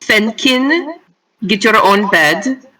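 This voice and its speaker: A hoarse woman voicing a calm, unbothered female cat-folk bard who speaks in a dry, matter-of-fact way. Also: on the high side, very slow, distant mic, pitched above the performer's own voice, full character voice, rough recording.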